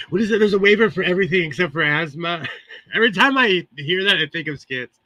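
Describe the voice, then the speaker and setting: A man's voice: on the high side, bright, forceful tone, no room sound. A Californian man hosting a live sewing stream, chatting casually with viewers and laughing often between remarks. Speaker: livestream host. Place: home sewing room.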